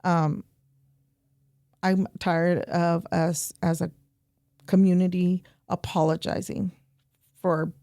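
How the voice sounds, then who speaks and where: A woman guest on a podcast interview, telling animated stories and repeating points for emphasis. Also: lowish voice, slow pace, long pauses, no room sound. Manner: animated storytelling, quoting herself and others. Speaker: guest, nonprofit program director.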